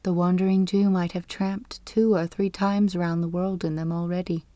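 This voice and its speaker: A woman narrating a classic novel as an audiobook, in a measured, even storytelling manner. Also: lowish voice, no room sound. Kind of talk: scripted narration.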